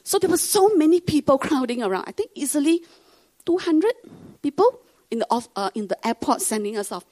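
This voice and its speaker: A woman's voice: high voice, very animated, a little fast, a little mellow. A woman from Singapore with a Singaporean English accent, a pastor's wife telling her testimony to a congregation and acting out the people she quotes.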